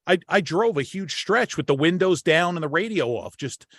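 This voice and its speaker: American man, podcast host, casual chat, rambling, slightly high voice, dry sound. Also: expressive, moderate pace, dry recording. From United States. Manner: rambling, repeats words when starting.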